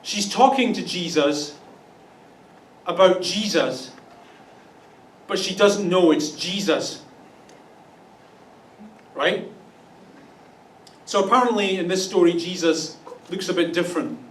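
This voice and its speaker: Wry high-voiced pastor in an echoey hall. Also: male voice, takes it slowly, pauses often, slight background noise. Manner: wry, playful asides with mock voices. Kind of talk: humorous Easter sermon. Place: church auditorium. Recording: echoey room, distant mic.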